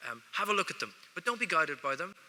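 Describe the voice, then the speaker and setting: A man's voice: high-pitched, very animated, fast talker, bright, forceful tone, a little hiss or hum. An Irish man giving a joking, wry speech to students at an award ceremony, talking straight to the audience from a lectern. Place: large ceremony hall. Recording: echoey large hall.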